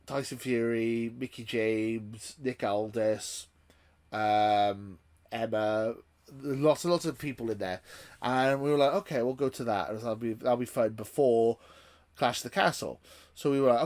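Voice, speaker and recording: A man hosting a YouTube channel, ranting in a casual vlog with frequent restarts and swearing. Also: medium pitch.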